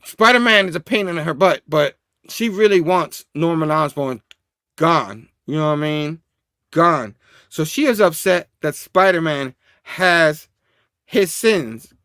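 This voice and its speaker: A man's voice: a little high, animated, unhurried, a bit bright, clear, resonant tone, no echo, clean studio sound. A man hosting a casual comic book review, rambling through the plot and chuckling often. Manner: chuckling, rambling, says "you know what I mean". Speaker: host.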